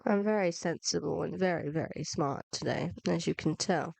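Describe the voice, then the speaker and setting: A woman's voice: low voice, normal speed, vocal fry, darkish tone, husky, no room sound. Self-mocking woman with a cold. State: unwell with a cold. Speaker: gaming video narrator. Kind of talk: casual gameplay commentary.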